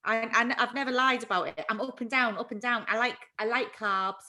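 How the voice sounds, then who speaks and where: A woman's voice: fairly high pitch, brisk, bright, forceful tone. A woman hosting a casual live chat, talking freely and laughing often at herself. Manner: chatty, laughs often, self-deprecating. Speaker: livestream host.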